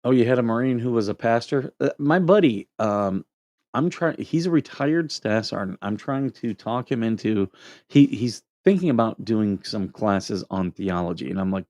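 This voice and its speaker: A man's voice: lowish voice, animated, normal speed, a little mellow, dry recording, muffled recording. A middle-aged man, a Marine veteran, hosting a casual livestream, reading comments and telling joking stories. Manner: joking storyteller, laughs at own anecdotes.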